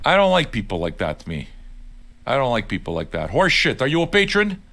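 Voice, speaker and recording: Addressing viewers directly, this older livestream host of Neapolitan heritage delivers a profane, casual rant that is blunt and argumentative. His medium-pitched voice swoops wildly, moving briskly with a gravelly, sharp tone.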